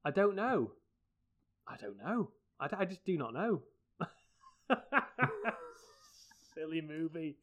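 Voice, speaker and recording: A man's voice: fairly high pitch, very animated, takes it slowly, pauses often, dull audio. A man co-hosting a film podcast, talking animatedly with frequent stammering restarts. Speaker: podcast co-host. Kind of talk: casual film discussion.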